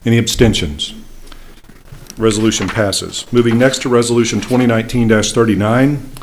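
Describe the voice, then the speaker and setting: A man's voice: mid-range voice, fairly even intonation, slight background noise. A man serving as mayor, chairing a city council meeting in a formal, procedural way, speaking into a desk microphone in the council chamber. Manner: brisk, procedural, with frequent fillers.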